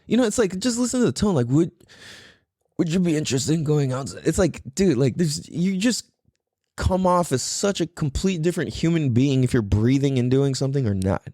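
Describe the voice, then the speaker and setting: Lively, swearing male podcast host. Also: on the high side, brisk, no echo, clean studio sound. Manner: animated, profane, rambling. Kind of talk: casual podcast monologue.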